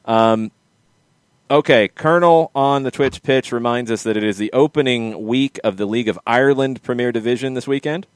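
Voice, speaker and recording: A man hosting a casual soccer podcast, quick and lively, teasing his co-hosts. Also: mid-range voice, clean tone, dry recording, clean studio sound. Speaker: podcast host. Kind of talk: casual sports chat.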